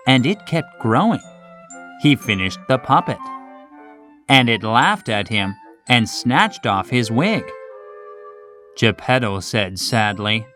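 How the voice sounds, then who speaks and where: A woman narrating a children's storybook in a clear, slow, expressive reading style. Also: rumbling low, faint music behind.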